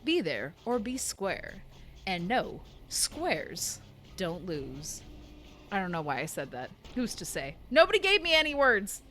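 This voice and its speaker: A woman's voice: lowish voice, big pitch swings, slow pace, a little hiss or hum. A young woman streaming a game live, chatting with her viewers and reading their messages aloud. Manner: chatty, reads chat aloud, bursts of laughter.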